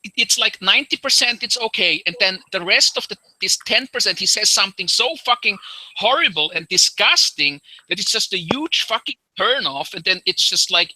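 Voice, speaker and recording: A man's voice: high-pitched, lively intonation, normal speed, sharp tone, no room sound, rough recording. A man in a casual group chat, blunt and profane, often restarting and repeating himself. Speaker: livestream chat participant.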